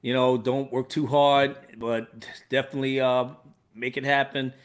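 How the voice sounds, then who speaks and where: A man hosting a live stream in casual chat, animated and laughing, using street slang. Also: medium pitch, normal speed, smooth. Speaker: livestream host.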